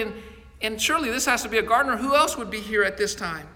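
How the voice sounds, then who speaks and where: A man's voice: high voice, quick pace, pushed and bright, in a large hall. A male pastor preaching a sermon in an earnest storytelling manner, often repeating words as he goes.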